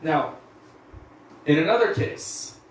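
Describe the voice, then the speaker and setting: A man giving a devotional lecture, explaining and telling a story in measured, drawn-out phrases. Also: on the high side, animated. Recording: echoey room from far off.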